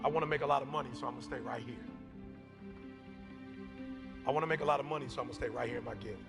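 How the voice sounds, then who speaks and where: A man preaching an impassioned motivational sermon, shouting, repeating phrases and calling on his listeners. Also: medium pitch, fairly even intonation, rapid-fire, creaky. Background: background music.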